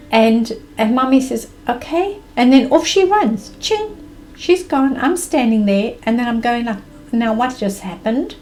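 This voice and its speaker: A woman telling a personal story with expressive, animated delivery and vivid present-tense retelling. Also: medium pitch, slight background noise, poor audio.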